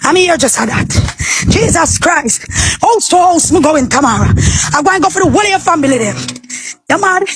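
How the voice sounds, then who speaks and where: A woman with a Jamaican accent hosting a livestream, ranting in a loud, profane, confrontational way. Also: extremely high pitch, animated, fairly quick, a little hiss or hum. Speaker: livestream host. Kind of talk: heated livestream rant.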